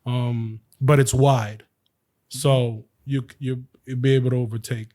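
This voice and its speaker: Male podcast co-host, mid-pitched, easygoing rambling chat. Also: unhurried. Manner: relaxed, rambling, hedging with fillers. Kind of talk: casual chat.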